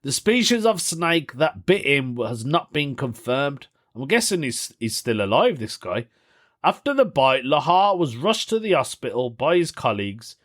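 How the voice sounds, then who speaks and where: Animated man hosting a podcast. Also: on the high side. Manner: animated, chatty, reacts with amused disbelief. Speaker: podcast host. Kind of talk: casual solo podcast chat and news reading.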